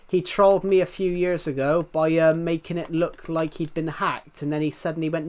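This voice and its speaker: Rambling English streamer, casual. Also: male voice, fairly high pitch, fairly even intonation, a little fast, few pauses. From England. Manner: rambling, circles back and repeats himself. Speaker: livestreamer. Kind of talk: casual chat to live viewers.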